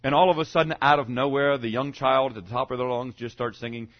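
A man preaching a sermon to his congregation, swinging from loud to hushed as he goes. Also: medium pitch, steady tone, fast. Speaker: pastor. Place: church sanctuary. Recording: dull lo-fi sound.

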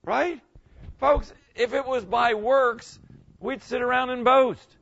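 A man's voice: very high-pitched, steady tone, takes it slowly, gravelly, a bit bright. A middle-aged man preaching a sermon to his congregation in a church, talking conversationally, repeating phrases and asking the listeners questions. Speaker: pastor. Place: church sanctuary. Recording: dull lo-fi recording.

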